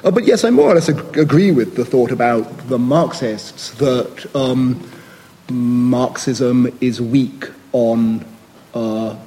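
A man speaks in an academic panel discussion with a mellow, warm tone, pausing often on fillers and restarting his sentences as he thinks aloud. His voice rings with a long reverb, as in a lecture hall, over a faint hiss. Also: medium pitch. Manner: hesitant, many fillers and restarts, thoughtful. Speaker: panelist answering a question.

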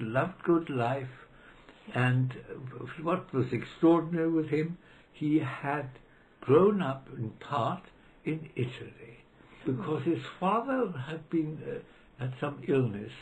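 A man's voice: on the high side, darkish tone, a little hiss or hum, poor audio. An older man whose first language is not English, recalling colleagues in an oral history interview with frequent hesitations. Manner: hesitant, anecdotal, acts out quotes in raised voice. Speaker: interviewee, retired law professor.

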